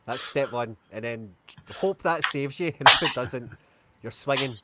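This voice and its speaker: A man's voice: medium pitch, moderate pace, heavy background noise. A Scottish man hosting a casual livestream chat, telling rambling stories and saying "aye" a lot. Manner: chatty storyteller, says "aye". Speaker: streamer host.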